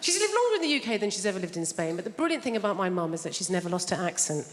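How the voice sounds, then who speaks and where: A woman's voice: medium pitch, sing-song, very fast. A woman, doing stand-up comedy on a large theatre stage in a brash, chatty way, teasing the audience. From England. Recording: reverberant theatre with loud noise.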